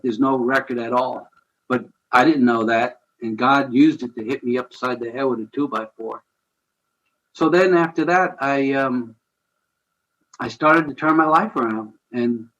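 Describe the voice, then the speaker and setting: Man telling his story on dull radio. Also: mid-range voice. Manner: earnest, candid, with quick bursts and quiet asides. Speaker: radio show guest. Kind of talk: personal storytelling.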